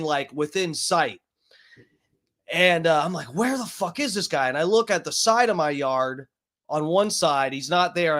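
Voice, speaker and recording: A man's voice: on the high side, fairly bright tone. A man telling a rambling, profanity-laced story in a casual vlog. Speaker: vlogger.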